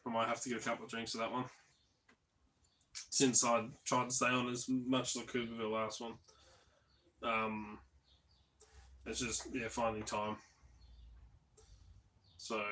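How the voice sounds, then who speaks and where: A man's voice: medium pitch, level tone, unhurried, pauses often, bright, forceful tone, rough recording. A man hosting a casual live stream, rambling along with lots of ums and restarts, laid-back and swearing offhandedly.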